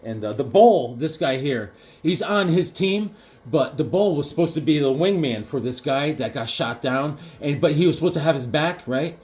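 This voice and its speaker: A man chatting casually about comic books, jokey and animated, now and then acting out the characters. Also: a little high, moderate pace. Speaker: comic collector vlogger. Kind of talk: casual chat.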